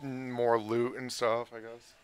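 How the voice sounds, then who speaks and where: A man co-hosting a casual stream, reading chat aloud and talking in a relaxed, hesitant way with many fillers. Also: medium pitch, a little slow.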